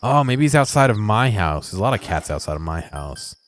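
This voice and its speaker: Low-voiced man doing wry game commentary. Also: sing-song, brisk, a little hiss or hum. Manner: wry, joking, musing aloud. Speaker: let's play commentator. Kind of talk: casual gameplay commentary.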